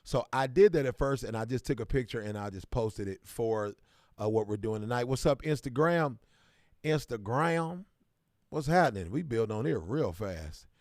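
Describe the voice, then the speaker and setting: A Kansas City man from the American Midwest hosts a casual livestream, greeting viewers by name in bursts of hype. His medium-pitched voice has lively intonation, a moderate pace, and a darkish tone, recorded dry with clean studio sound.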